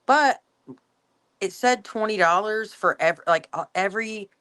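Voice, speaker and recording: A woman's voice: mid-range voice, measured pace, a bit bright. A woman on a livestream panel, chatting casually and laughing often. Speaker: panel guest.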